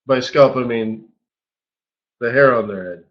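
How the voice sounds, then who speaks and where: A man hosting a live trading webinar, walking through charts in an animated, joking way with lots of rhetorical questions. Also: medium pitch, measured pace, muffled recording. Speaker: forex market strategist hosting a daily webinar.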